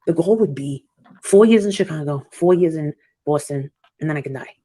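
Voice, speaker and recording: A woman hosts a livestream, chatting bluntly with callers, swearing freely and acting out quoted dialogue. Her low voice is warm with a breathy edge, at normal speed, and there's no echo.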